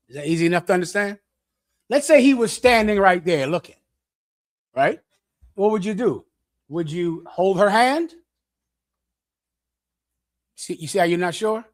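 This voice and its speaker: A middle-aged man preaching bluntly to young listeners, lecturing and swinging between loud and hushed delivery. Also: high voice. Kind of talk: street sermon with audience questions.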